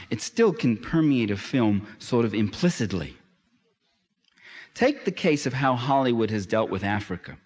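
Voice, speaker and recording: A man's voice: medium pitch, darkish tone. A man giving an impassioned public lecture, emphatic, with sardonic asides and fervent peaks. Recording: long hall reverb.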